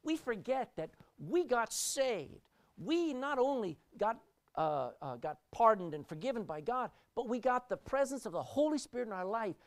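A woman's voice: on the high side, normal speed. A woman preaching a sermon, swinging her voice up and down for emphasis and often repeating words as she restarts. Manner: expressive, rising and dropping sharply for emphasis.

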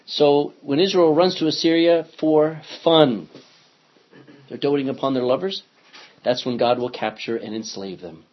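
A male pastor leads a Bible study in a casual, conversational way, reading verses aloud and checking in with his listeners. His voice is husky, and the recording sounds dull and lo-fi. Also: on the high side, unhurried. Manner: conversational, asks class questions, reads scripture aloud. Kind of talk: interactive Bible study teaching.

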